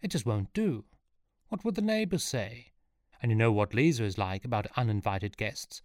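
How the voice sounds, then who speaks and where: A man's voice: mid-range voice, lively intonation, moderate pace, a little mellow, no echo, clean studio sound, close to an everyday voice. A man voicing a pompous, put-upon nobleman in a storybook reading, with an exasperated manner.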